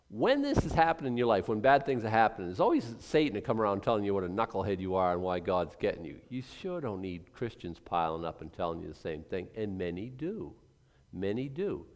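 Animated older man preaching in a hall. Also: lowish voice. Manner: emphatic, acts out quoted voices, many restarts. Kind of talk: sermon. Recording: long reverb of a large hall.

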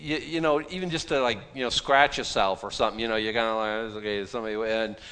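A man's voice: mid-range voice, steady tone, quick pace, fairly bright tone, clear, resonant tone. A man with a Boston accent, a pastor preaching an informal, chatty sermon with self-deprecating asides. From Boston, USA. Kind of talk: conversational sermon. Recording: long hall reverb.

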